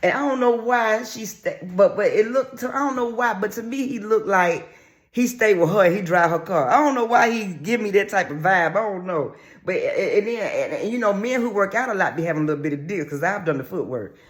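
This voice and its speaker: A man's voice: sits high, lively intonation, fairly quick. A man giving sassy, brash, crude gossip commentary on a reality show in a casual vlog.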